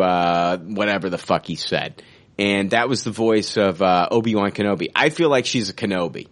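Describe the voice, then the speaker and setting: A man co-hosting a casual fan podcast, his voice sitting a little low. He talks loosely and excitedly, rambling through his thoughts and swearing casually. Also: moderate pace. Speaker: podcast co-host.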